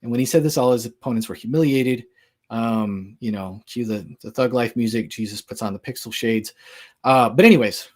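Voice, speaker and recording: Male speaker, husky edge, relaxed lecture style, chatty and joking, lots of fillers. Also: medium pitch, moderate pace. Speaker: Christian apologetics speaker. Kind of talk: casual lecture.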